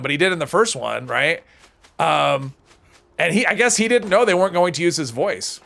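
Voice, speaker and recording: Chatty gravelly-voiced man streaming a game. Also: on the high side, a bit bright. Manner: rambling, chatty, often restarts and corrects himself. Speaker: live streamer. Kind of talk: casual gameplay commentary while reading chat.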